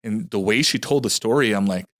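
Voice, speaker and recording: Fast-talking low-voiced man telling a story. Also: fairly bright tone, no room sound, clean studio sound. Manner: earnest, rambling, with frequent restarts. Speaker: podcast guest telling a personal story. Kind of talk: casual podcast conversation.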